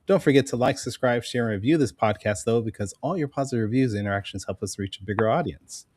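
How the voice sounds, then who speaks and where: A man's voice: medium pitch, fast talker, a little mellow, no echo. A man hosting a comics podcast, playful and joking, opening with a showman's announcer flourish. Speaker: podcast host. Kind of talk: casual podcast chat with a showman's intro.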